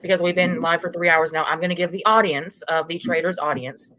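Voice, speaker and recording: A woman's voice: on the low side, fairly even intonation, a little fast, sharp tone, dry recording, rough recording. Teasing, blunt woman hosting a livestream. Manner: teasing, blunt, drops her voice to murmur. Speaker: livestream host. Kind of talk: casual livestream chat.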